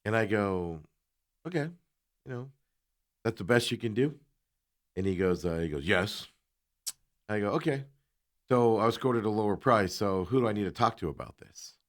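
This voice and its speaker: A man's voice: fairly low pitch, moderate pace, long pauses. A man hosting a talk show, telling a long story in casual chat and acting out both sides of each exchange. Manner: animated, acts out both sides of the dialogue.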